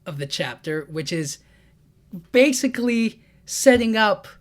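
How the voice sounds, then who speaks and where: A man's voice: high voice, expressive, measured pace. A young man casually recapping a comic chapter, rambling with many 'you know what I mean' fillers. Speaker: manga breakdown YouTuber.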